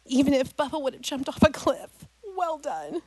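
Animated middle-aged woman telling a faith story. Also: high-pitched, a little fast, a little hiss or hum. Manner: emotional, animated storytelling, addresses listeners as "guys". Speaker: speaker addressing a parents' group. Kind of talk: personal storytelling talk with scripture.

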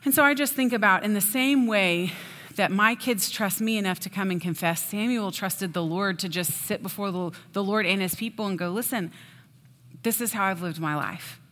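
A woman giving a sermon in a chatty, animated storytelling way. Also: medium pitch, normal speed. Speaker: preacher. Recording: long hall reverb.

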